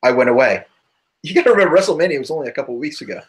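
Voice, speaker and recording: A man's voice: a little high, animated, racing. Rambling man co-hosting a podcast. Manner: rambling and loose, full of asides. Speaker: podcast co-host. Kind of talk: casual chat.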